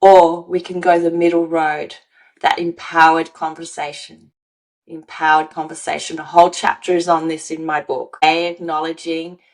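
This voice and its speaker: A woman's voice: sits low, level tone, normal speed, poor audio. An earnest woman in the role of an emotional-wellbeing coach, guesting on a podcast to give a motivational teaching talk. She leans on key words and repeats them for emphasis. She slips into the voices of example speakers as she explains.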